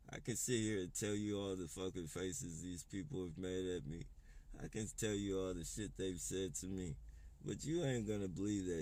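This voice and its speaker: A man with a very low, dark voice rants straight to his audience, heated and full of profanity. He rambles and trips over his own words as he goes, restarting sentences again and again. A faint hiss of noise sits under the recording. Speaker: vlogger. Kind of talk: unscripted rant to camera.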